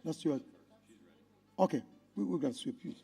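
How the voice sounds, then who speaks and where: Ugandan guy hosting a conference, husky, kinda mellow, big loud stage energy. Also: a little high, normal speed. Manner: loud, animated announcing to a crowd. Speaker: conference emcee.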